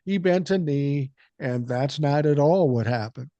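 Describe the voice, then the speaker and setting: Older guy with a cold, blunt and cussing, kinda higher voice, podcast host. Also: unhurried, warm tone, dry recording, highs cut off. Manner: blunt, profane, storytelling. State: has a cold. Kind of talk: casual podcast chat.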